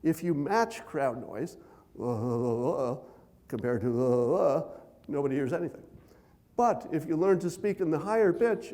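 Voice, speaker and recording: A man giving a conference keynote speech, conversational with dry self-deprecating humor, deliberately speaking at a raised pitch. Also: a little mellow. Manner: loose, unhurried delivery with many fillers and asides.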